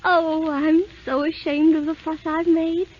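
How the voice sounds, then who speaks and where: An actress playing a sweet, gentle young princess in an old radio drama, speaking in an earnest, softly pleading way over a dull old broadcast with loud music. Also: female voice, very high voice, level tone, a little slow. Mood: relieved. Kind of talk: 1930s radio drama acting.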